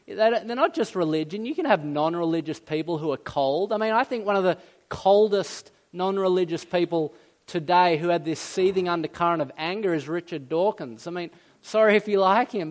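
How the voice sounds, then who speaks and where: A man preaching a sermon in a conversational, emphatic way, with asides and a little self-deprecating humor. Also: high voice. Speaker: pastor.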